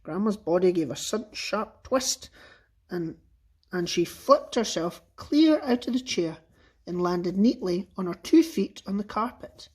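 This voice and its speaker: Expressive man reading a children's story. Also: sits high, unhurried, slightly rough. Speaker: teacher. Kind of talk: reading a children's book aloud.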